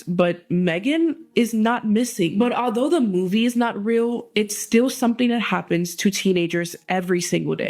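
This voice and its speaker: A video host telling a true crime story in a measured, emphatic way. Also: mid-range voice, darkish tone.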